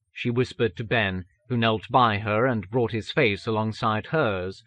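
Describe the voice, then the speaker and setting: A man reading an audiobook in a measured, even manner. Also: lowish voice, no room sound. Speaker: audiobook narrator. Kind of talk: scripted narration.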